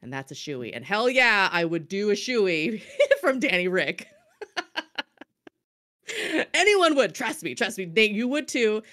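A woman's voice: medium pitch, very animated, normal speed, few pauses, fairly bright tone. A woman guesting on a stream talk show, chatting casually in a bubbly, gushing way. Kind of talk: casual chat.

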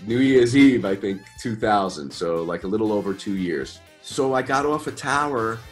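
A deep-voiced man in his fifties, a guest musician telling his stories in a loose, chatty way full of slang and the odd curse. He sounds relaxed and easygoing, with faint music in the background. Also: moderate pace. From New York. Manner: relaxed, chatty, uses slang and mild swearing. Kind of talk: casual storytelling interview.

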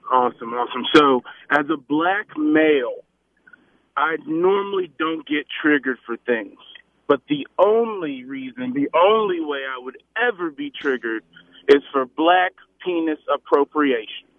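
A man calling in to a sports radio show, joking in a deadpan way. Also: fairly high pitch, unhurried, no echo. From Nashville area. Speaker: caller. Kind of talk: phone-in comedy bit. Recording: tinny phone line.

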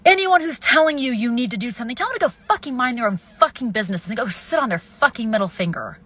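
A young woman ranting furiously and profanely at the camera, swinging between shouts and hushed hisses. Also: on the high side, animated, quick pace, breathy edge. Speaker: video poster. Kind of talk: angry self-filmed rant.

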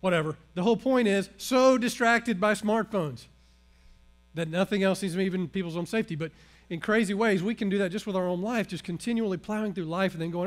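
A man preaching a sermon. He swings between loud emphasis and hushed, earnest passages. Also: sits high, brisk. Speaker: pastor.

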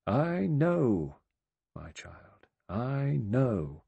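Audiobook role: a man playing a wistful old general, raised pitch, faltering delivery. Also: very animated, gravelly, husky, no echo, lo-fi sound, full character voice. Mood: gentle. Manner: halting, faltering, quietly resigned. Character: elderly male retired general, wistful and distant.

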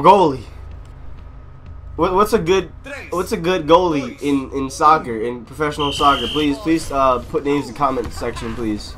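A young man commentating his own gameplay, loud and excitable, yelling and laughing at what happens on screen. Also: on the high side. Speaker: gaming YouTuber.

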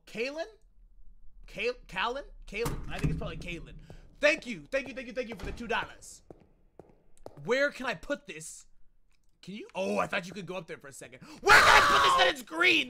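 A young man chatting casually on a gaming livestream, reacting loudly and thanking viewers for donations. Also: high-pitched, a little hiss or hum. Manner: excitable, loud outbursts, reads out donations. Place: home.

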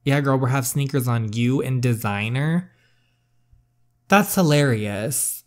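A man hosting his own gaming channel, reacting to a story game with sassy, expressive remarks. His voice sits at a middling pitch. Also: takes it slowly. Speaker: gaming YouTuber. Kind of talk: playing a story game with commentary.

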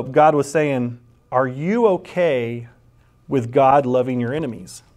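A man preaching a conversational sermon, rambling and often restarting his sentences. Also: a little high. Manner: rambling storyteller with frequent restarts.

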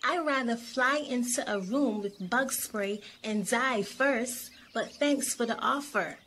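A woman's voice: fairly high pitch, takes it slowly, a bit bright, a little hiss or hum. Niagara, a kind odd little female mosquito, voiced by a woman. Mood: indignant.

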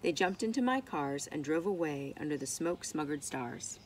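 Woman reading a rhyming storybook, lower voice. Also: normal speed, slight background noise. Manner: expressive, rhythmic. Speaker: storybook reader. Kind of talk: reading a rhyming picture book aloud.

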